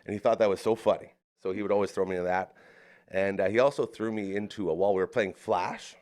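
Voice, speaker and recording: Man with a low voice telling stories. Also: fast. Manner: animated, acts out the other people in his stories. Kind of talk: casual storytelling chat. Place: studio of a live podcast.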